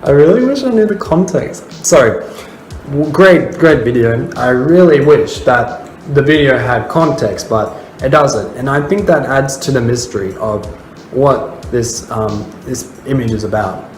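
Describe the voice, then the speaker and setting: A man's voice: medium pitch, animated, measured pace. Rambling Australian man in an echoey room. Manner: rambling, many fillers. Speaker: host reviewing viewer memes. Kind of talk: casual commentary. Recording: roomy with faint music.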